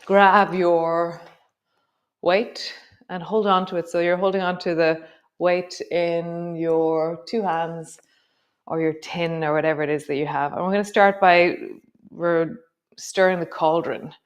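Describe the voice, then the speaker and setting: A woman teaching a yoga class, giving calm, slow movement cues with soft trailing words. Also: fairly low pitch, smooth, muffled recording. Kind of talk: guided yoga class instruction.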